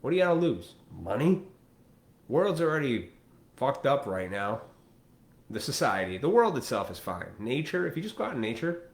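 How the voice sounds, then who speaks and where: Blunt, profane man ranting, lively pitch. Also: reverberant. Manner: blunt, profane, preachy, mimics people in quoted asides. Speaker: live stream host. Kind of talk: unscripted rant on a live stream.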